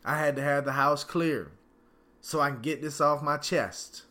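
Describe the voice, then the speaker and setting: A man's voice: a little high, a little slow, pushed and bright. A man hosting his own podcast from home, ranting angrily and profanely in a casual slangy way. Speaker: podcast host. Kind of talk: solo podcast rant.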